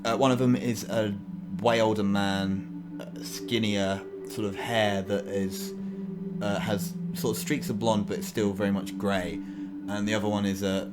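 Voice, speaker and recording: A man's voice: fairly low pitch, flat delivery, measured pace, over loud music. A man narrating as game master of a tabletop role-playing game, rambling with many fillers and restarts.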